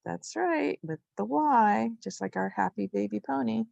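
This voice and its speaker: A woman teaching a spelling lesson to young children, slowly sounding out each syllable with patience. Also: a little high, animated, creaky, a little mellow, no room sound, dull audio.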